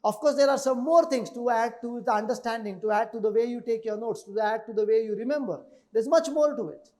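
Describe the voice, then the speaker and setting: A man's voice: extremely high pitch, fairly quick, dark tone. A man who trains people in speed reading, giving an emphatic webinar lecture that repeats key numbers and keeps asking listeners to agree.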